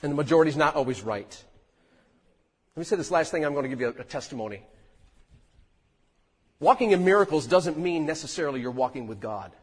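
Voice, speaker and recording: A man preaching a sermon in a church, lively and conversational, acting out the voices in his stories. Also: a little high, brisk, long pauses, breathy edge, long reverb tail. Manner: animated storytelling preacher, acts out quotes. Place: church sanctuary.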